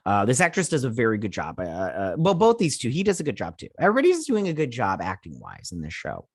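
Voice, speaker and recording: A man talks through a show episode in a loose, rambling way, full of fillers and restarts. His voice sits in a middle pitch for a man. The sound is dry and close, with no room echo. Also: huge pitch swings, fast talker. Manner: rambling, many fillers, retells scenes in quoted voices. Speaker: host. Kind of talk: casual episode recap.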